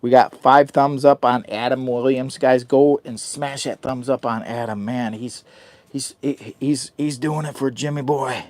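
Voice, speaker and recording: A man's voice: medium pitch, steady tone, unhurried, darkish tone. A man hosting a casual livestream from a hot tent, hyper and self-mocking as he talks to his chat. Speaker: livestream host. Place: hot tent while camping in wind and rain.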